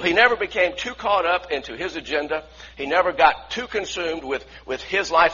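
A man preaching a sermon, swinging from loud, emphatic bursts to quiet, intense passages. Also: a little high, breathy edge. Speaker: pastor. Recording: slightly dull lo-fi sound.

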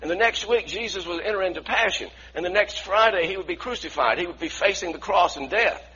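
A man preaching a sermon in an animated way, acting out the voices of the people in the story. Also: high voice, fairly quick, husky. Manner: animated, acts out voices from the story, asks the congregation to repeat. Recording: dull lo-fi recording.

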